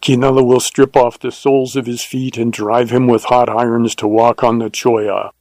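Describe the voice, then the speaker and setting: A man's voice: medium pitch, level tone, moderate pace, darkish tone, no echo, close to an everyday voice, rough recording. A man playing a harsh, commanding Mexican bandit leader in a read-aloud western. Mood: shouting orders.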